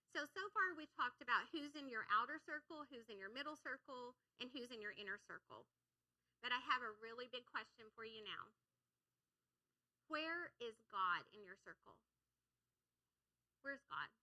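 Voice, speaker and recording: Bright-voiced woman preaching a sermon. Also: fairly high pitch, poor audio. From United States. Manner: earnest, repeats phrases for emphasis. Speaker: pastor's wife preaching. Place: church sanctuary.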